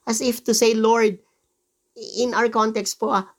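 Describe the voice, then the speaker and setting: A woman pastor with a Filipino accent preaching a sermon, mixing English and Tagalog and slowing down to stress scripture quotes. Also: on the high side, flat delivery.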